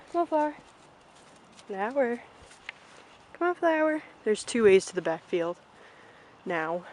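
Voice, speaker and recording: A woman's voice: a little high, slight background noise, low-quality recording. A young woman casually vlogging an outdoor farm tour on a handheld camera, chatting and calling out to her ponies.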